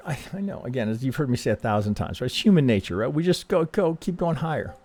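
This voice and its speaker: A man hosting casual chart analysis, speaking in a calm, reassuring way, often restarting sentences and checking in with "right?". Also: medium pitch, quick pace. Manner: conversational, frequent restarts, ends thoughts with "right?". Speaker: trading analyst host.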